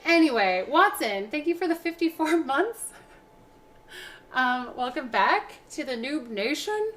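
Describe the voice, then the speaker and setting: A woman's voice: high voice, animated, unhurried, a bit bright. A young woman hosting a cooking livestream, talking casually with lots of fillers and restarts. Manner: rambling, chatty, many fillers and restarts. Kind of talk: casual chat while cooking. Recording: faint background music.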